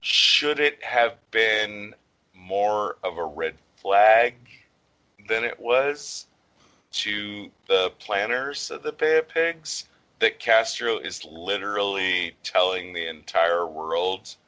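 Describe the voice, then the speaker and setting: A man talks through a podcast discussion in a loose, rambling way, peppering his sentences with fillers and casual swearing. His voice sits on the low side yet sounds bright and forward. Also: low-quality recording. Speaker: podcast co-host.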